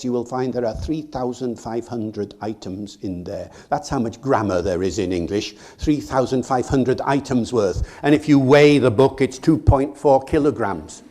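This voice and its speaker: Male lecturer, humorous and lively, quizzes a live hall audience. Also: mid-range voice. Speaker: guest lecturer.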